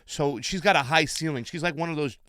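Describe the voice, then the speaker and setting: A man's voice: a little high, fairly quick, dry recording, studio quality. A man hosting a casual political live stream, chatting and reading out viewer comments. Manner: chatty, reads viewer shout-outs. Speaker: political show host.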